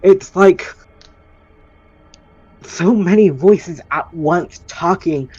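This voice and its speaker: A man's voice: high-pitched, extremely slow, a little mellow, slightly rough, lo-fi sound, pitched above the performer's own voice, exaggerated voice. A man voicing a frightened young man haunted by voices, pleading in a shaky, strained tone. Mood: scared pleading.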